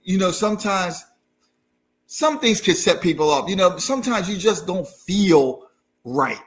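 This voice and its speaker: An easygoing man co-hosting a talk show, his voice pitched a touch high. He agrees readily with his co-host. He gives calm, encouraging advice. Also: unhurried. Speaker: marriage podcast co-host. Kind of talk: casual chat.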